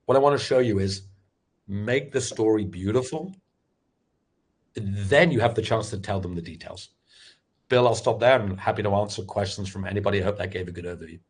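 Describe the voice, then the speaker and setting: A middle-aged man giving a candid, animated webinar talk on pitching, full of restarts as he tells his story. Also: fairly quick, breathy edge. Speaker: sales expert and former startup founder.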